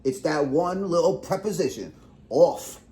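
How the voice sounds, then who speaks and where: A man's voice: a little high, animated, measured pace, warm tone. A young man co-hosting a podcast, rambling in casual chat with heavy swearing and lots of fillers. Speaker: podcast co-host.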